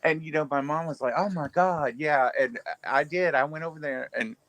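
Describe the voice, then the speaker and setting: A man telling stories on a casual livestream, animated, profane and stammering as he talks. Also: a little high, normal speed, dry recording. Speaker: streamer.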